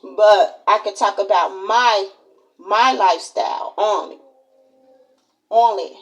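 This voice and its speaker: A woman's voice: medium pitch, slow, rough recording. A woman in her forties from Chicago with a Chicago accent, telling stories of her school days in a chatty, repetitive way and speaking straight to her viewers. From Chicago, Illinois, USA. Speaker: vlogger. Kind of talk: casual personal storytelling to camera.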